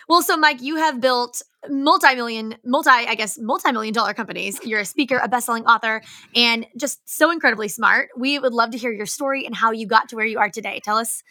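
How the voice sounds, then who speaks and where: A woman co-hosts an interview in a high, bright voice. She sounds thrilled, heaping praise on her guest and laughing readily. The recording is close and dry. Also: brisk, no echo. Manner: enthusiastic and gushing, laughs often. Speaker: podcast co-host. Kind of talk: casual interview.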